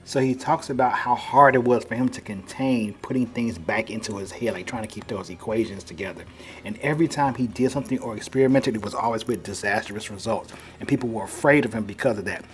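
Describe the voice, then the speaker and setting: A man's voice: fairly low pitch, fairly quick. A man giving a casual, rambling recap of a comic book, full of "you know" and "like".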